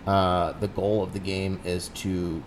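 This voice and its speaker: A man's voice: low-pitched, little pitch movement, measured pace, a little hiss or hum. A young man co-hosting a casual podcast, joking crudely and slipping into silly voices. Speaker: podcast co-host. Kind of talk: casual chat.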